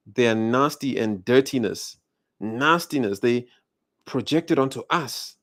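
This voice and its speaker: A South African man with a South African accent delivers an indignant commentary, firing off rhetorical questions. His voice sits at an ordinary middle pitch. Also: animated, takes it slowly. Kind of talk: ranting video commentary.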